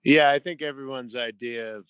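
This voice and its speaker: A man's voice: medium pitch, moderate pace, a bit bright, clean tone, no echo. A man appearing as a podcast guest, talking emphatically and rattling off lists of figures in casual conversation. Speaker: podcast guest, health author.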